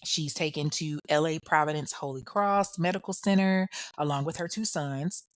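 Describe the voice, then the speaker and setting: A woman's voice: sits low, moderate pace, dry recording. A woman hosting a podcast, telling a true crime story in a chatty, slangy way and talking straight to the listener. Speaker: podcast host.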